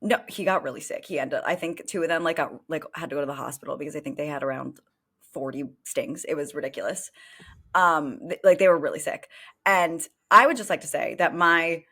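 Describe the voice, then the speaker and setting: A woman co-hosting a podcast, telling a story in a casual, animated way, full of fillers and swearing. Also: low voice, fairly quick, slightly rough. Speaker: podcast co-host.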